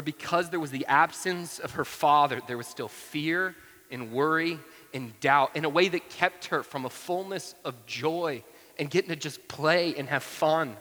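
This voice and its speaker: A pastor in his thirties preaches a sermon, recounting a family story conversationally and with plenty of asides. His voice sits on the high side and sounds a little bright. A large hall gives the recording a long reverb.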